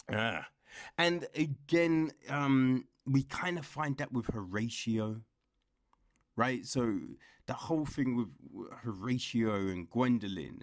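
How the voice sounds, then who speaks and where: A young man chats his way through a book review slowly and unhurriedly, his talk rambling and full of laughs and acted-out quotes. His voice is mid-range, and the recording is dry and close with no room sound.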